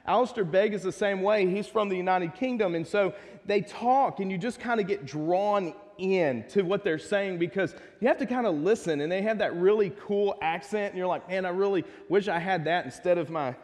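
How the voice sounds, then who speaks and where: A man with a high, light voice and a Texas twang preaches a casual sermon, drifting into jokes and asides to the people in the pews. His words ring out with a long reverb, as in a large church sanctuary. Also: moderate pace, a little mellow. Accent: Texan. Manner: conversational and joking, with asides to the congregation. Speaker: pastor.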